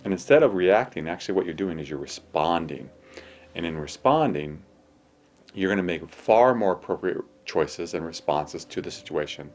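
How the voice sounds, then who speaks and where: Deep-voiced calm man giving advice. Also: faint music behind. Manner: slow, soothing, guiding breathing exercises. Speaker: host.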